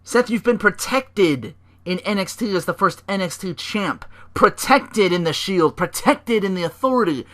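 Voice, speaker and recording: A gloating wrestling manager, played by a man who talks down to his rival in a raised, pushy voice. His tone is bright and cutting, and his taunts are loud. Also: high-pitched, expressive, moderate pace, pitched above the performer's own voice. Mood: taunting. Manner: boastful, taunting speech. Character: smug fast-talking male wrestling manager.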